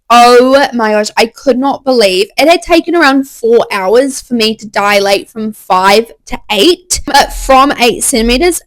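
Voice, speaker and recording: Young woman, a touch high, candid and excited, casual storytelling to camera, dry close mic. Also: no room sound, poor audio. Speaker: vlogger.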